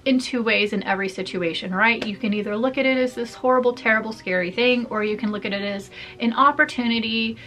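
A woman's voice: fairly high pitch, steady tone, quick pace, hardly any pauses, bright, forceful tone. A woman in a casual personal vlog, talking openly to camera in a chatty way, with frequent laughs and fillers. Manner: chatty, open, laughs often, many fillers. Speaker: vlogger.

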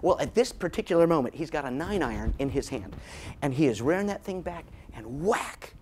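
A middle-aged man, giving a storytelling keynote as a motivational speaker, animated and slowing down for dramatic effect. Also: fairly high pitch, a little hiss or hum.

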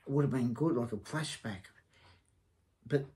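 A man's voice: mid-range voice, normal speed, dark tone, slight background noise. A man giving a casual spoken review of a TV series. He rambles and hesitates, and his verdicts are blunt and scornful.

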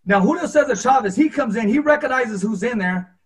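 High-voiced male boxing show host. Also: brisk. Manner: animated, acts out quotes. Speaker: podcast host. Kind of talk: storytelling in casual interview.

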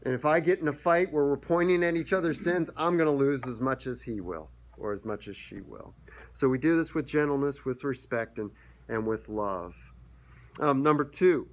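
A man's voice: medium pitch, normal speed. Earnest man preaching a sermon. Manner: earnest, repeats words when restarting, reads scripture aloud. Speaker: pastor.

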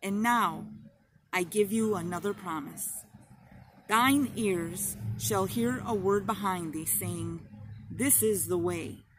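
A woman reading an audiobook voices a strong, cheerful male shepherd who speaks with calm reassurance. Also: medium pitch, slow, background noise, natural voice. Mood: reassuring.

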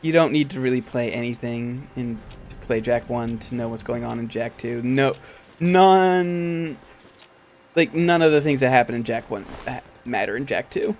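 A man co-hosting a game stream, chatting in an unhurried way and laughing often. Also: medium pitch, slight background noise. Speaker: streamer co-host. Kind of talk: casual gaming chat.

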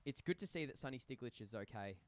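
This casual live commentary comes from a young Australian man doing joking play-by-play at a social ice hockey game from a rink booth. He sounds animated, with a mid-range voice and quick pace, bantering and rambling between calls, with no room sound.

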